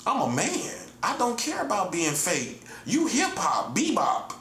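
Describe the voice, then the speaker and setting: In his forties, this self-styled prophet streamer taunts his listener through a solo monologue, defiantly repeating "listen, buddy" and chuckling between points. His high, fairly bright voice swoops wildly in pitch at a slightly slow pace, heard in a roomy echo with faint room noise.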